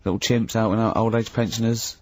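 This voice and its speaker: A man's voice: on the low side, level tone, brisk, a little mellow, no room sound. A man co-hosting a comic chat, asking wry, leading questions.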